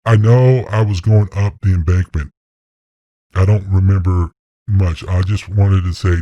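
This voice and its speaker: Deep-voiced middle-aged man telling a story. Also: unhurried, no echo, muffled recording. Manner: excited, blunt, swears freely. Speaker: interview guest, deer hunter. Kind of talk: casual storytelling.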